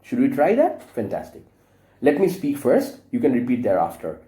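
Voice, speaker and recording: A man teaches grammar to young children, spelling out words and coaxing them to repeat after him. His voice is mellow but very lively in pitch. The sound carries the echo of a bare room. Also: moderate pace.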